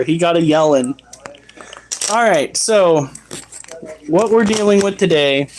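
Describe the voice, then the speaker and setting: Male pet streamer, slowish and a bit high, scolds dogs, chats with viewers, faint background noise. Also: rough recording. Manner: scolds his dogs loudly, reads chat aloud. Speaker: pet livestreamer. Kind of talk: casual livestream chat.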